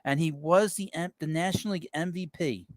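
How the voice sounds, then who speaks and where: A man's voice: on the high side, a little fast, no echo. Dry-voiced man hosting a casual baseball stream. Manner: rambling, reads viewer messages aloud and reacts offhand. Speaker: sports talk show host. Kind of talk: casual live-stream chat about baseball.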